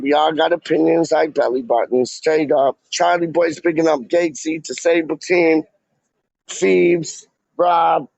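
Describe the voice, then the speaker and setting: A man rambling through a casual livestream, his voice slightly high and full of gravel and fry. He drawls slowly, piling on slang and "like". The audio is dull and lo-fi. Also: darkish tone, no echo. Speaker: fan vlogger reading live chat.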